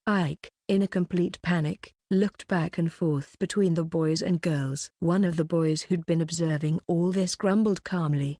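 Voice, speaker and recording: A woman narrating a novel in first person as an audiobook reader, measured and even, recorded close to the mic. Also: on the low side, no room sound.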